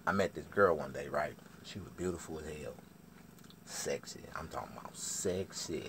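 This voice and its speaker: A middle-aged man, telling a profane comic story in a drawling, lively way. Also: a bass voice, gravelly, noisy background. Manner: drawling, lively, swears a lot. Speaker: storytelling comedian.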